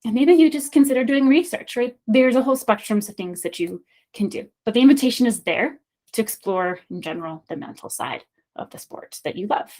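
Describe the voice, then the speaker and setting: A woman giving a recorded lesson on sport psychology, explaining ideas in a friendly, reflective way with small pauses. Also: fairly high pitch, expressive, mellow.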